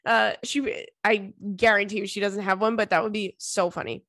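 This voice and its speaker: A woman's voice: mid-range voice, moderate pace, hardly any pauses, a bit bright, dry recording, studio quality. Chatty, blunt woman podcast host. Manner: chatty, blunt, profane, laughs often. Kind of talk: casual advice chat.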